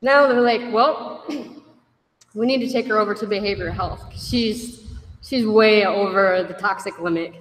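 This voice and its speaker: A woman shares her own story with a group in a candid, wry way, briefly taking on the voices of the people in it. Her voice sits at a middle pitch. The sound carries the long echo of a big hall. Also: measured pace. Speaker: speaker sharing a recovery story. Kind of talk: personal testimony to a group. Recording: echoey hall.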